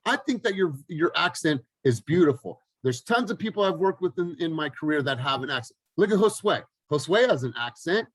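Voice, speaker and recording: A man's voice: a little high, expressive, a little fast, hardly any pauses, husky, no echo. A man hosting a team video call, blunt and encouraging, with casual swearing. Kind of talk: motivational team talk.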